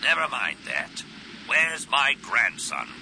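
A man voicing a gruff, sardonic older male smuggler captain in an audiobook, growling his lines. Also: mid-range voice, big pitch swings, slow, pushed and bright, a little hiss or hum, pitched above the performer's own voice, exaggerated voice, rough recording.

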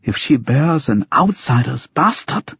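A man voicing a subdued young man in pain, speaking in a low mumble. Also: steady tone, moderate pace, warm tone, breathy edge, no room sound. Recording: dry, dull muffled audiobook recording.

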